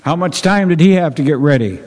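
A man preaching a sermon to his congregation, earnest and repetitive, often clearing his throat. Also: a little high, a little mellow. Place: church sanctuary. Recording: long reverb of a church hall.

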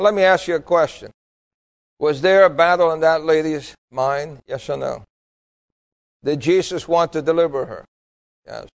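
High-voiced preacher asking questions. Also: male voice, rough recording. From New York City. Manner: emphatic, full of rhetorical questions to the congregation. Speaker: pastor. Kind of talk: sermon.

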